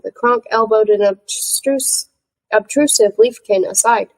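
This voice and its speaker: A woman's voice: a little high, a little slow, low-quality recording. Woman reading a novel aloud. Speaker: audiobook reader.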